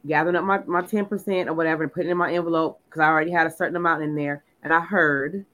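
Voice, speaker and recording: A woman telling a personal story in casual chat, animated and full of "like", acting out what people said. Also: low-pitched, rapid-fire, poor audio. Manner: animated storyteller, lots of "like", acts out quotes. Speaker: podcast co-host.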